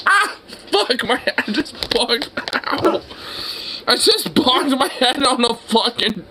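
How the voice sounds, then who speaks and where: A young man reacting to videos, excitable and exclamatory, laughing and swearing often. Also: very high voice, takes it slowly, noisy background.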